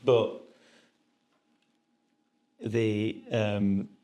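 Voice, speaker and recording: A man hosting a podcast, talking in a relaxed, rambling way with many fillers. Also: on the low side, extremely slow. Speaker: podcast host. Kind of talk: casual podcast chat.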